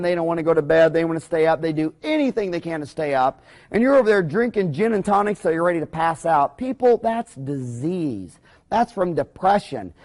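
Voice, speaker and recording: This dentist's voice sits fairly high as he delivers an impassioned, wandering talk on business, homespun in manner and punctuated by loud flashes of excitement.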